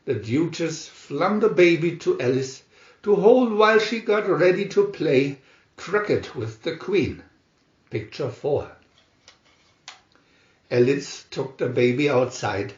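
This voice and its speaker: A man reading a storybook aloud slowly and expressively. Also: a little high, expressive. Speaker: storybook reader. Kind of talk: read-aloud storybook narration. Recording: roomy muffled home recording.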